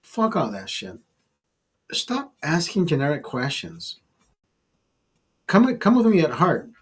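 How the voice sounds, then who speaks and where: A husky man with a fairly high voice tells a raunchy story in a loose, profane ramble. He trips over his own sentences and restarts them, plainly enjoying himself. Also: huge pitch swings, unhurried. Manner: profane, rambling and self-amused, with frequent restarts. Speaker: vlogger. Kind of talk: casual storytelling monologue.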